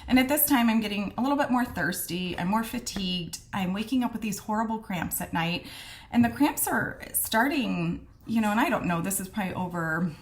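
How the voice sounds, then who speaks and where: A middle-aged woman with a mid-range voice tells her own story in a casual, candid way. She acts out the lines people said to her with lively, animated energy. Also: medium pitch, brisk. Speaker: midwife sharing her diagnosis story.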